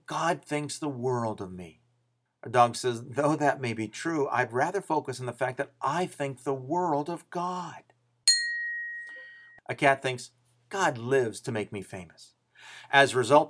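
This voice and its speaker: A man delivers a sermon in a mid-range voice. He leans hard on key words and then drops quiet for asides. The delivery is steady and emphatic. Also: mid-range voice. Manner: emphatic, rising for stressed phrases and dropping soft on asides. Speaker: preacher.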